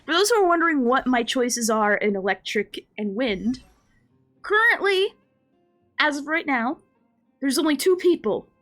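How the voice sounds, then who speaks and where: A woman's voice: sits high, big pitch swings, moderate pace, fairly bright tone, soft background music. A woman game streamer chatting casually on a live stream, rambling and laughing often.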